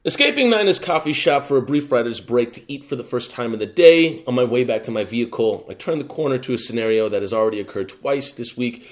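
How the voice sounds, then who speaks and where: A young adult man, a guest poet, performing a rhythmic, expressive spoken-word piece and chatting casually. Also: medium pitch, quick pace, hardly any pauses. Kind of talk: performed poetry reading and casual chat.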